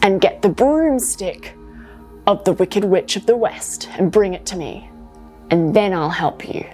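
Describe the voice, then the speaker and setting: A woman's voice: medium pitch, expressive, unhurried, a little mellow, soft background music, natural voice. A woman voicing a male wizard in a children's story, speaking firmly and matter-of-factly. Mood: stern. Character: stern male wizard setting a task.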